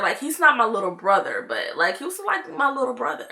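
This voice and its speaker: Bright-voiced young woman telling a storytime. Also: on the high side, sing-song, fairly quick, hardly any pauses. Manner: chatty, lots of "like", addresses viewers as y'all. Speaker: vlogger. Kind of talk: casual storytime.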